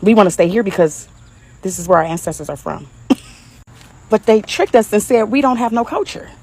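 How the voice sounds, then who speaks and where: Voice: medium pitch, expressive, normal speed, a little mellow. Mocking Detroit ranter, crude and laughing. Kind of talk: comedic social media rant.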